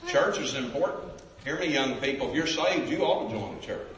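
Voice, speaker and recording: A man's voice: medium pitch, animated, a little fast, a bit bright. A man preaching an evangelistic sermon, calling out to the crowd for responses. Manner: emphatic, calls out to the crowd for responses. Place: large church sanctuary. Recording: echoey hall, from a distance.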